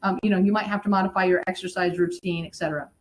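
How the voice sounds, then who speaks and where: A middle-aged woman, a birth educator, explaining in lively conversation and sometimes acting out what new mothers say. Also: fairly low pitch, rapid-fire, low-quality recording. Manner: animated, acts out quoted moms.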